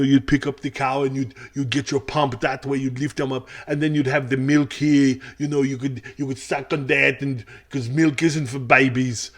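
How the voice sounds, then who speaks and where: A man's voice: mid-range voice, close to an everyday voice. A man impersonating a boastful middle-aged bodybuilder with a heavy Austrian German accent.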